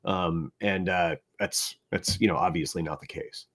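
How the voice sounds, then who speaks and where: A man's voice: low-pitched, unhurried, fairly bright tone, breathy edge. A man co-hosting a casual panel talk, making his case analytically and often checking in with "right?". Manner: analytical, keeps tagging points with "right?". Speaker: co-host.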